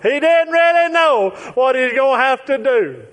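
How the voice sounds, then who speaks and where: A man preaching a sermon, emphatic and repetitive, drawing out his phrases and now and then shouting or chuckling. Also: very high-pitched, expressive, moderate pace.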